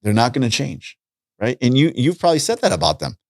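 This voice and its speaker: With a medium pitch, quick delivery and some vocal fry, a middle-aged man guests on a podcast, animatedly recounting stories and acting out the dialogue in casual conversation. The recording is dry and studio quality.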